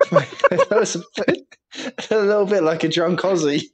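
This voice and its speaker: A man's voice: high-pitched, slightly rough. A young man co-hosting a podcast, laughing often and swearing casually as he chats. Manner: giggly, laughs often between sentences. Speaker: podcast co-host. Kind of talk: casual chat.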